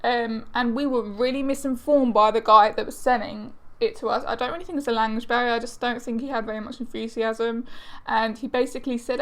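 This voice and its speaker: Chatty young woman vlogger, fairly high voice. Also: steady tone, brisk, a bit bright. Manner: chatty and exasperated, lots of fillers. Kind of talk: casual chat to camera.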